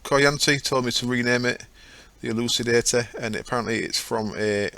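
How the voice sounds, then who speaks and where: His mid-range voice is creaky, pushed and bright, at a normal speed. He hosts a gaming channel and rambles casually over his own gameplay, regularly fixing what he just said.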